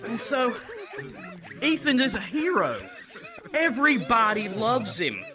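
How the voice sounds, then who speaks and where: A young man from Alabama telling a stand-up comedy story into a handheld stage microphone, animated and casually profane. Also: very high voice, a little slow, crowd noise. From Alabama, USA.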